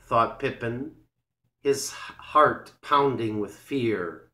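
A man reads a storybook aloud for English learners, slow and deliberate, each word set out clearly. His voice is mid-pitched. A roomy echo hangs around it. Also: bright, forceful tone. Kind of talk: scripted storybook narration.

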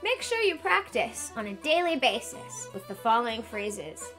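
A woman's voice: a little high, very animated, moderate pace, hardly any pauses, fairly bright tone, soft background music. A woman performing a comic sketch as a mock tutorial, playful and mock-earnest. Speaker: comedian teaching a mock lesson.

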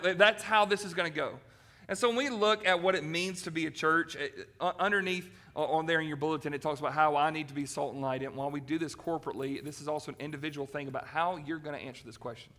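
Pastor, man, bright tense voice, lively sermon delivery. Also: a little high, fast. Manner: animated, acts out quoted voices. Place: church sanctuary.

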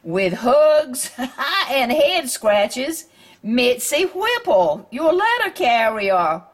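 A kind mail lady offers a stray dog a home in a slow, soft, slightly husky voice, as a woman reads her note aloud from a picture book. She sounds gentle and affectionate. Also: high-pitched, very animated, voice pushed up, full character voice. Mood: tender. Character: kind female letter carrier writing a warm note.

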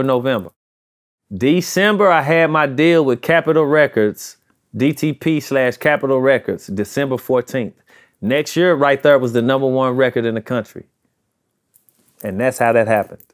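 A man with a St. Louis accent, talking as a rapper guest in a casual interview, emphatic and repeating himself, with loose slang. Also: medium pitch. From St. Louis, USA.

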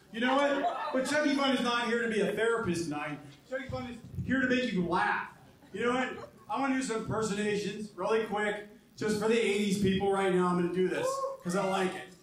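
A man doing a stand-up comedy set, brash and loud, dropping into goofy bits. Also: extremely high pitch. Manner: brash, quick shifts into silly character voices. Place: comedy club stage. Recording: echoey room from far off the mic.

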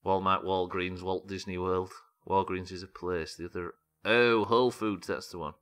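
A man's voice: sits low, steady tone, normal speed, fairly bright tone, clean tone. A British man streaming a game live, chatting with his viewers and muttering to himself while he builds. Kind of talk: live gameplay streaming, reading chat.

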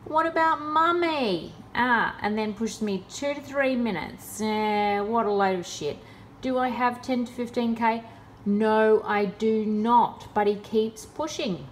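A woman's voice: on the high side, a little slow, a little hiss or hum. A woman in a casual vlog, talking in a sarcastic, exasperated way. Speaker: vlogger.

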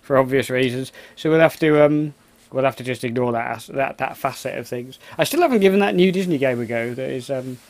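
A man's voice: mid-range voice, brisk. A man giving rambling, casual let's-play commentary, exclaiming at the game and muttering asides. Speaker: gameplay commentator.

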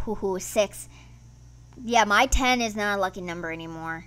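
With a mid-range voice and a moderate pace, this woman hosts a gaming channel. Her let's-play commentary is casual, excitable, and sprinkled with good-natured complaining.

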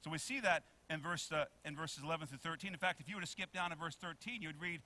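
A man preaching a sermon who often asks the congregation to answer, swinging between loud emphasis and soft low asides. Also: quick pace, hardly any pauses. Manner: preaching with many questions to the congregation. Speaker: pastor.

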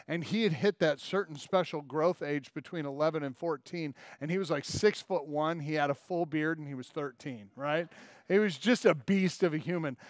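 A man's voice: a little high, no echo, studio quality. A man in his forties preaching a sermon as pastor, telling stories and acting out quoted lines in little character voices.

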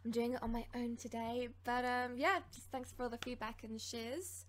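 Bubbly high-voiced woman. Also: normal speed, slight background noise. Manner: bubbly, excitable, gasps and giggles. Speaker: YouTuber. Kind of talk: casual taste-test vlog.

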